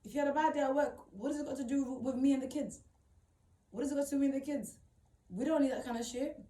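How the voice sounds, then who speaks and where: A young woman recounts a personal story in a blunt, slangy way, swearing freely and hammering points through repetition. Her voice sits a bit high. She sounds set back from the mic in an echoey room. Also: fast, warm tone, far from the mic. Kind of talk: casual storytime monologue.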